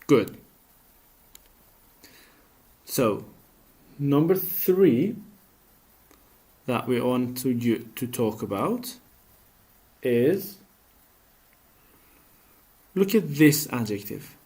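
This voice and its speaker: Slow, patient male teacher. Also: mid-range voice, animated, warm tone. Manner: slow, patient, asks questions and answers them himself. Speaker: English teacher. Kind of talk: classroom grammar lesson.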